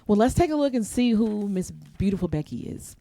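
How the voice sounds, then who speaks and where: A woman's voice: medium pitch, big pitch swings, a little fast, gravelly. A woman hosting a live show, chatty and rambling, laughing often and losing her place in her notes. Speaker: host.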